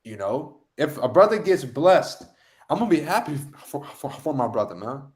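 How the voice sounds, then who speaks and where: A man's voice: on the high side, sing-song, moderate pace. A man leading a street-style scripture lesson, emphatic and slangy, with repeated catchphrases. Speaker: lead street teacher.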